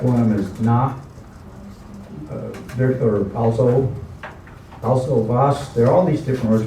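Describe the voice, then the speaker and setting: A man's voice: mid-range voice, dark tone, a little hiss or hum. A man teaching a language class in a chatty way, repeating words and explaining them with asides. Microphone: camera mic at a distance. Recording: very echoey room, distant camera mic.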